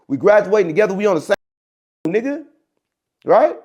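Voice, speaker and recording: A high-voiced man hosts his show at a quick pace, rambling through a story in a casual monologue. Animated, he checks in with his audience along the way and repeatedly says "right?" and "gang."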